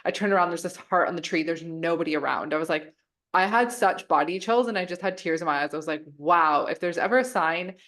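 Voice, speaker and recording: A young woman hosting a podcast, with a notably low voice and quick delivery. She keeps the chat casual and answers her guest with enthusiastic, affirming interjections. She comes through a remote call microphone. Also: fairly bright tone. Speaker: podcast host.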